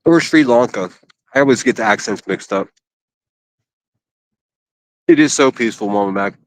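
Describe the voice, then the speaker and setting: A man's voice: medium pitch, animated, moderate pace. A man from Pittsburgh chatting casually and a bit crudely on a phone livestream from an outdoor city park. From Pittsburgh, USA. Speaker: IRL livestreamer.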